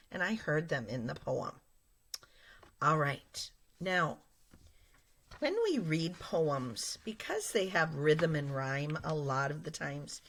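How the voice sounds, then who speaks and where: A low-pitched woman leads a lesson for young children. She speaks at an unhurried pace, explaining each idea with patience and addressing the class directly. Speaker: teacher.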